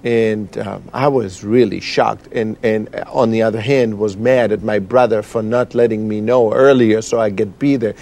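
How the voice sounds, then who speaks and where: Man telling a halting testimony. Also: lowish voice, fairly even intonation, a little mellow. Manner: halting, emotional storytelling with many fillers. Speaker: guest. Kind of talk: personal testimony.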